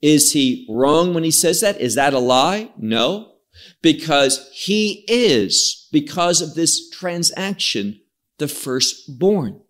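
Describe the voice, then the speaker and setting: A man's voice: a little high, sing-song, slow pace, fairly bright tone. A man teaching through a scripture passage in an expository sermon, explaining words emphatically. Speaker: Bible teacher.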